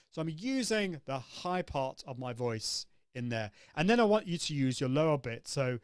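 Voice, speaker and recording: A man's voice: on the high side, big pitch swings, normal speed, few pauses, clear, resonant tone, dry recording. A man hosting a live coaching show, upbeat and demonstrative, answering viewers' comments as he teaches. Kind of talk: live-stream coaching talk.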